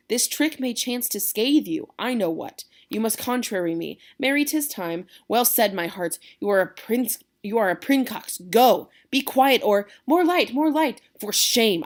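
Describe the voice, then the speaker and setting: A woman reading as a loud, bossy old lord. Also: on the high side, expressive, a little slow, few pauses, voice pushed up. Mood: scolding. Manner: shouting scolding, then merry. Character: bossy older male host, lord of the house.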